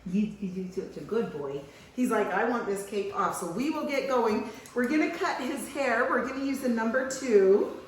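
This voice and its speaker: A woman's voice: fairly high pitch, expressive, moderate pace, few pauses, a little hiss or hum. Chatty woman hairstylist cooing to a toddler. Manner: chatty, coos and baby-talks to a toddler. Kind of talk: casual haircut tutorial. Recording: roomy room echo.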